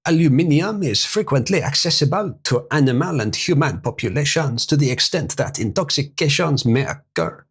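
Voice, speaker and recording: A man doing a slow, deliberate impression of a well-known man while reading a scientific text aloud. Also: a little high, expressive, slightly rough. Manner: drawn-out, measured reading. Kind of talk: read-aloud in a put-on voice.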